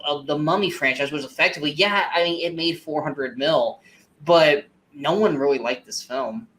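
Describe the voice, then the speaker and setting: A man's voice: fairly high pitch, fairly bright tone. A man co-hosting a movie podcast, ranting emphatically and swearing in casual review chat.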